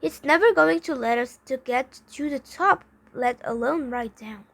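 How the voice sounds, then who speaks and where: A woman's voice: high-pitched, unhurried, creaky, exaggerated voice. A woman reading aloud, voicing a reluctant schoolboy skater in a storybook who grumbles and mutters. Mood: grumbling.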